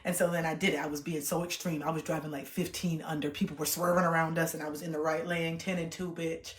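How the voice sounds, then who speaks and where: Frank, low-voiced woman streamer in a roomy space. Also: fast. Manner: frank and reflective, swears freely, animated when retelling. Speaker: livestreamer. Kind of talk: candid casual livestream chat. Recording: roomy echo.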